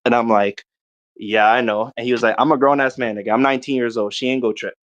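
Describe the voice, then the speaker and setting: A man's voice: mid-range voice, quick pace. A young man tells a chaotic night-out story on a podcast, swearing freely and jumping into his friends' voices. His voice sits in an ordinary middle register. The recording sounds a little muffled and lo-fi. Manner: animated, profane, quotes friends in short bursts. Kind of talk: casual storytelling.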